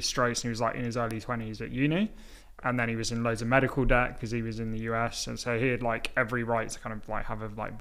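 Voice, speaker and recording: A man's voice: medium pitch, fairly bright tone, clear, resonant tone. A man hosts a podcast in easy conversation, with a middling voice. He is friendly and agreeable, often backing up what his guest says. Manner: friendly, agreeable, quick to affirm. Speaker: podcast host. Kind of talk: casual conversation.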